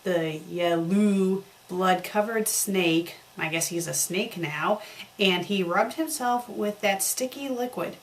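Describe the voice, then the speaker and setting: Deadpan woman reading fanfic aloud. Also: mid-range voice, slow, a little hiss or hum. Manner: deadpan mocking commentary on spelling errors. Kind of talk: comedic dramatic reading with sarcastic asides.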